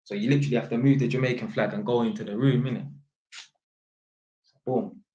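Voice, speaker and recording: A man's voice: mid-range voice, fairly quick, reverberant, lo-fi sound. A young man telling a story in casual slang, acting out the voices of the people in it. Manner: animated, acts out voices, heavy London slang.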